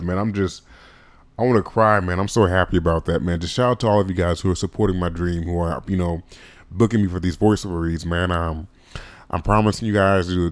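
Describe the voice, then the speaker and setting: A man's voice: low-pitched, no room sound. A man hosting a solo podcast, talking in a rambling, casual way and often saying "man". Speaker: podcast host.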